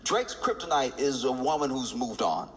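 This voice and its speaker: A man performing a stand-up comedy routine, telling a story with restarts and climbing into excited laughter. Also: mid-range voice, moderate pace, heavy background noise.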